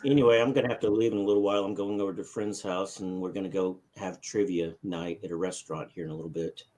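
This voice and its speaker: A man's voice: low-pitched, steady tone, fast, warm tone, low-quality recording. A man chatting as a guest on a live stream, talking in a rambling way and breaking off mid-sentence. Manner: rambling, self-interrupting. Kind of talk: casual live stream chat.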